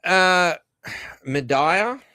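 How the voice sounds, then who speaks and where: A man's voice: high voice, expressive, very slow, pushed and bright, dry recording, studio quality. An Australian man hosting a podcast, delivering a rambling, profane, sardonic rant. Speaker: podcast host. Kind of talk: ranting commentary.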